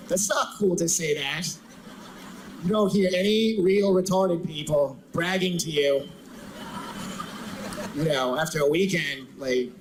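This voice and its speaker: A man's voice: fairly high pitch, measured pace, long pauses, background noise. A man doing a stand-up comedy routine in a conversational way, asking the crowd questions.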